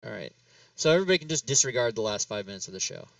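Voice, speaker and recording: Male host, bright tone, slightly distant mic, rambling self-narration with laughs. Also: on the low side, very animated, very fast, gravelly, dry recording. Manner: rambling, laughs often, talks himself through steps. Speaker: talk show host. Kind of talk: casual chat while working in game software.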